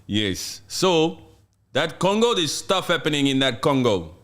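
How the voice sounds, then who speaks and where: A man hosting a live stream discussion, speaking emphatically and slowing down to stress his points. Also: a little high, sing-song, a bit bright. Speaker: host.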